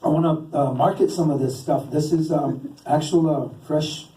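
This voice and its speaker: On a live comedy stage, a stand-up comedian tells a rambling, self-deprecating story full of fillers and restarts. His voice is on the high side with a dark tone, fairly even intonation, and a moderate pace, captured by a distant mic in a roomy hall with faint hiss.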